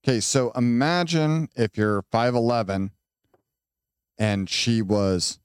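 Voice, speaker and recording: A man's voice: mid-range voice, slow, clean tone, dry recording. A man chatting as a guest on a casual podcast and dropping dry, joking asides. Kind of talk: casual banter.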